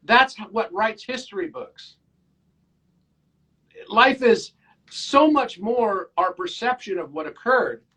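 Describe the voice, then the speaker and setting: A man in his fifties, a podcast guest, talking earnestly and telling animated stories. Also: sits high, breathy edge, poor audio. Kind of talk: casual interview chat.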